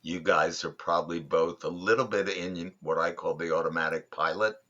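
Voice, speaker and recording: A male podcast guest who leads fatherhood workshops, telling stories in a thoughtful, unhurried way with frequent ums and restarts. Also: low-pitched, steady tone, sharp tone, muffled recording. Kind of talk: reflective interview storytelling.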